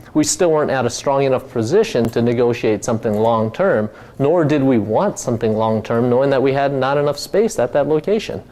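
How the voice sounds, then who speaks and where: A man's voice: mid-range voice, warm tone. A middle-aged man from Hawaii, a company founder telling his story in a casual talk, rambling with many fillers and restarts.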